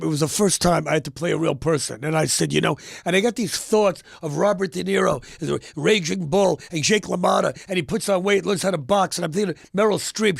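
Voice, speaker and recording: A man's voice: high voice, gravelly, no echo, studio quality. A middle-aged man, a comedian guest, chatting casually in a blunt, profane, joking way. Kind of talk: casual chat.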